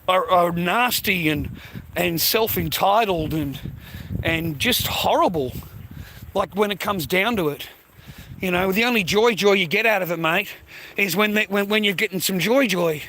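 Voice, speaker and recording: High, bright-voiced Australian man rambling. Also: lively intonation, normal speed, a little hiss or hum, rough recording. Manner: loose and rambling, swears constantly, calls listeners mate and bro. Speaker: vlogger. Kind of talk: rambling casual monologue to camera.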